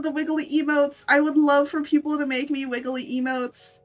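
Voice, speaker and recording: A woman artist chatting on a live stream, giggly and halting, with many restarts. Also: high voice, level tone, lo-fi sound, soft background music. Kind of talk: live-stream chat while making art.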